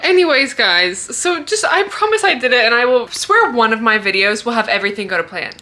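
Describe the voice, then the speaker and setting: A woman's voice: a little high, expressive, brisk, pushed and bright. A young woman in her twenties, a fitness vlogger talking casually to camera, rambling and emotional, with a stuffy nose from crying. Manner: rambling, emotional, swears freely. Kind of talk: casual vlog talk to camera. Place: walking outdoors, then at home.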